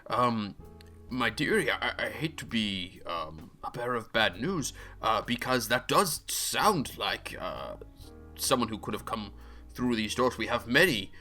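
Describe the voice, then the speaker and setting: A man's voice: medium pitch, lively intonation, unhurried, sharp tone, faint music behind. A man voicing a fussy, hesitant old keeper of souls in a tabletop game. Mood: evasive. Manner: hesitant, politely evasive.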